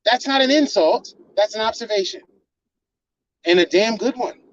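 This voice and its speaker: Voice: medium pitch, normal speed. A channel host lecturing a partner in a heated, confrontational rant full of swearing, on a slightly dull lo-fi recording.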